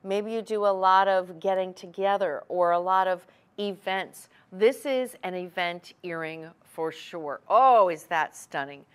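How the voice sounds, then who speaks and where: A woman hosting a TV shopping show, giving a chatty, enthusiastic sales pitch. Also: unhurried, few pauses, clear, resonant tone. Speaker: TV shopping host.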